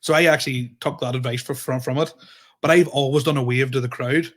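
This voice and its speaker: A young man co-hosting a comedy podcast, laughing often and talking in a halting, casual way. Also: medium pitch, fairly even intonation, a bit bright.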